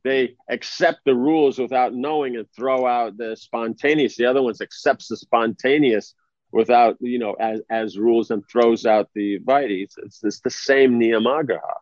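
A man's voice: mid-range voice, darkish tone, no echo. A man giving an informal spiritual discourse in a conversational way, often checking that his listeners follow him. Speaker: spiritual teacher. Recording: dry, slightly dull lo-fi recording.

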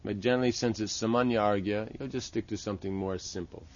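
A man's voice: on the low side, steady tone, fast talker, muffled recording. A man teaching the steps of a temple worship ritual, explaining patiently and often checking with "right?". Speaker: religious teacher. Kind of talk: instructional talk on temple worship.

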